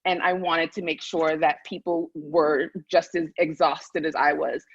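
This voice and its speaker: A woman author talking candidly, then reading from her memoir in a measured, deliberate way. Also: deep voice, fairly even intonation, slightly rough, no room sound, highs cut off. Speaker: author and guest.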